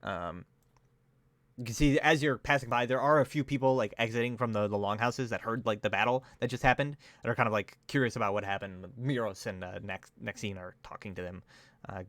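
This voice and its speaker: A man's voice: medium pitch, brisk, fairly bright tone. A man narrating as game master, loose and full of fillers.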